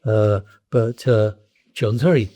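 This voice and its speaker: A man's voice: on the low side, slow pace, mellow. An older man from East London with a Cockney accent, telling blunt anecdotes as a guest in a casual conversation. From East London, England. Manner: blunt, anecdotal, frequent restarts.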